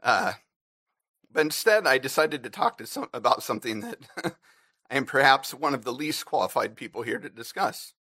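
A man giving a personal reflection to a church congregation, earnest and a little halting. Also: medium pitch, animated, pushed and bright, dry recording, clean studio sound. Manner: earnest, halting with fillers, briefly emotional.

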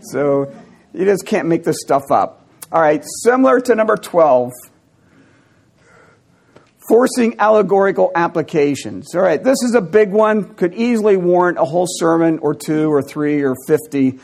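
A man delivers a teaching sermon in a notably high, light voice. He explains points plainly, then drops wry, amused asides. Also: animated, normal speed, vocal fry, darkish tone. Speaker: pastor.

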